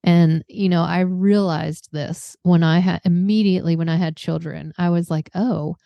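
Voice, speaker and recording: A woman hosting a podcast interview, talking in an earnest, reflective way in short measured phrases. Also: on the low side, fairly even intonation, creaky, warm tone, dry recording. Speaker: podcast host.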